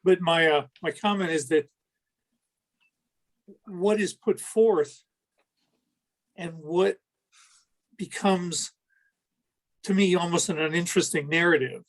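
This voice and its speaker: A man who is an educator speaking on a panel in a slow, earnest, drawn-out way. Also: high voice, poor audio. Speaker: educator guest. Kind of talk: casual panel discussion.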